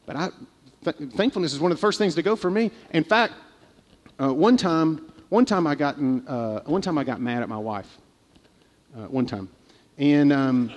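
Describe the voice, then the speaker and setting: A middle-aged pastor preaching in a church, candid and self-deprecating, telling a story with many restarts. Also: male voice, mid-range voice. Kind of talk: sermon. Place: church sanctuary. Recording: long hall reverb.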